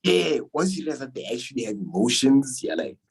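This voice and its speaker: A man's voice: medium pitch, very animated, a little fast, creaky, husky, rough recording. A man speaking as a podcast guest in a casual chat, easygoing and reflective as he gives advice.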